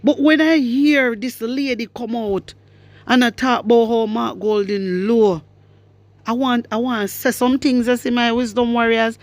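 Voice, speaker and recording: A woman's voice: fairly high pitch, fairly even intonation, a little slow, no room sound. A Jamaican woman giving heated, mocking political commentary with frequent exclamations. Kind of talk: heated social media commentary.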